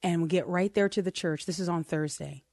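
A middle-aged woman co-hosting a casual chat, telling a story in an animated, self-deprecating way and laughing as she goes. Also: lowish voice, brisk, no echo, studio quality. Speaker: co-host.

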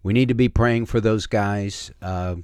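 A man's voice: lowish voice, fairly even intonation, measured pace, a little mellow, clean tone, no room sound, clean studio sound. A middle-aged man hosting a talk radio show as a pastor, speaking earnestly in a folksy way with plenty of filler words. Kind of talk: casual talk radio with preaching. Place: radio studio.

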